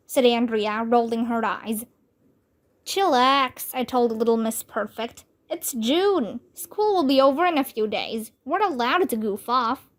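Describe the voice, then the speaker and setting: Reading aloud from a children's chapter book, this woman has a voice that sits high. Vietnamese is her first language, and she tells the story in a clear, animated way.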